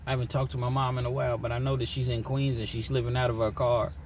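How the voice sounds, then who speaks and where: A man's voice: mid-range voice, level tone, fast, a little hiss or hum, voice pushed up, lightly acted. A man voicing an earnest teenage stepson who confides worrying news. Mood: worried.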